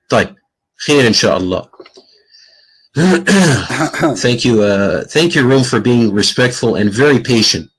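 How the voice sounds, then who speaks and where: A man's voice: medium pitch, animated, a little slow, long pauses, slightly rough, rough recording. A man debating in an online voice chat room, taunting and mocking his opponent.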